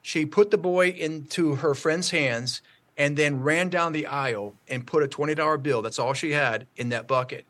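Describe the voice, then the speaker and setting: A man telling a church testimony story on a call, halting, with many fillers and restarts. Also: fairly high pitch, fairly bright tone. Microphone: call audio.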